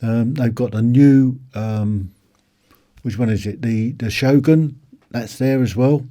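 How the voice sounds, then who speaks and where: A man with a medium-pitched, dark-toned voice speaks slowly, rambling casually about a motorbike show. He's a motorcycle vlogger giving walkaround commentary, full of ums and restarts.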